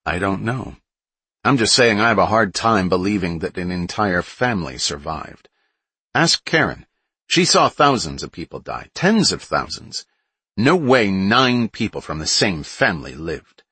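A rude, suspicious bully who scoffs and sneers, as a male narrator plays him. The voice is deep and husky, recorded dry and close. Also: big pitch swings, a little slow, pushed and bright, no echo, heavily acted. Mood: dismissive. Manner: blunt, scoffing.

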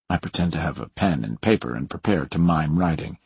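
Husky, deep-voiced male narrator. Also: lively intonation, fairly quick, few pauses, darkish tone, no room sound. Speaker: audiobook narrator. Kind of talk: first-person thriller narration.

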